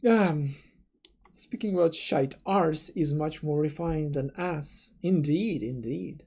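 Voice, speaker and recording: Speaking slowly in a mellow, mid-range voice, a young adult streamer chats loosely with viewers while reading chat. Russian is their first language, and the live-stream talk wanders, packed with stammered restarts and casual cursing.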